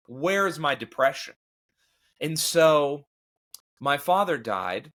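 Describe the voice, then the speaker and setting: A man's voice: fairly high pitch, bright, forceful tone. A man in his thirties talking candidly and emotionally about faith and grief, rambling with restarts and occasional laughs. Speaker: comedian and podcast guest. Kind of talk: candid conversational talk.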